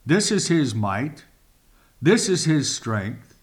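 A man's voice: a little high, big pitch swings. A man preaching a sermon, reading scripture aloud and explaining it with dramatic emphasis, at times dropping to a whisper. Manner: slow and deliberate.

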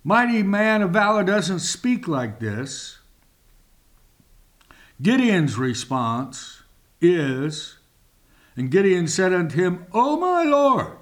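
A man's voice: high-pitched, very animated. A man preaching a sermon, reading scripture aloud and explaining it with dramatic emphasis, at times dropping to a whisper. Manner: slow and deliberate.

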